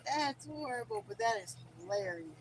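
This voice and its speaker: A woman's voice: on the high side, animated, normal speed, slight background noise, low-quality recording. A woman chiming in with short, casual remarks during a livestream.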